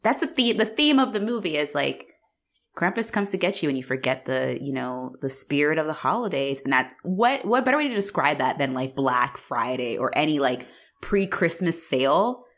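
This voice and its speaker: A woman co-hosting a casual podcast chat, animated and laughing often, with lots of fillers. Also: low-pitched, moderate pace. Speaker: podcast co-host.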